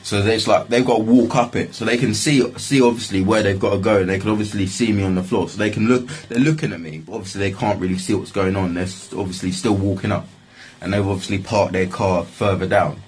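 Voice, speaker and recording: A man's voice: fairly low pitch, steady tone, fast talker, slight background noise. A man telling a story in a loose, casual way, swearing freely and filling his talk with fillers.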